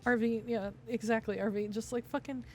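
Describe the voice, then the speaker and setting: A young woman streamer rants in angry, sarcastic bursts, swearing constantly and sounding proudly petty. Her voice sits a touch higher than most. Faint background music plays under her talk. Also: steady tone, fairly quick. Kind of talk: ranting commentary on stream.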